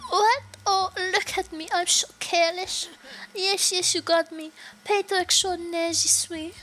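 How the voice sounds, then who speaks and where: Woman putting on a fake French accent, high-pitched, dramatic, flustered, slow drawl. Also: a bit bright. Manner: wobbly put-on French accent, breathy sighs.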